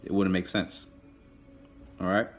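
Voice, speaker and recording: A man teaching a live online language class, patiently repeating and drilling words slowly. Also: deep voice, flat delivery, faint music behind.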